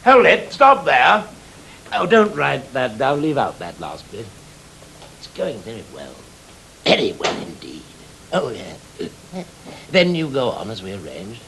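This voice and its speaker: An actor playing a fussy, impatient theatre director who gives brisk, exasperated orders during a rehearsal in a 1980 television stage drama. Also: male voice, medium pitch, huge pitch swings, gravelly, background noise, full character voice. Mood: pleased.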